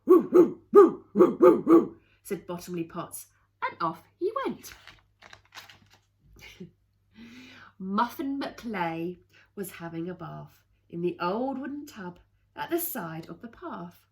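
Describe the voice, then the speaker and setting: Slow, lively woman reading a picture book. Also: on the low side, a little hiss or hum. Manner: expressive sing-song rhyming read-aloud with playful asides. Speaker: children's storyteller.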